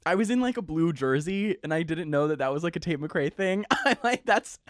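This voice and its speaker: A man's voice: fairly high pitch, expressive, fairly quick, no room sound, studio quality. A young man hosting his own podcast, telling a long story in a chatty, casual way, full of "like" and playful slang. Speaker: podcast host.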